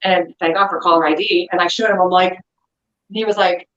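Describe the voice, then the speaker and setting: A woman's voice: fairly low pitch, a little fast. Woman telling a ghost story, echoey and muffled. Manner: animated, acts out dialogue in her story. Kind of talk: casual storytelling.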